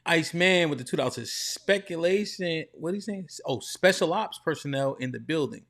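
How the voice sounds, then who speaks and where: Gravelly-voiced man reading superchats. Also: fairly high pitch, animated, a little fast, fairly bright tone. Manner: reads donor messages aloud, casual slangy banter. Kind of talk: livestream panel talk.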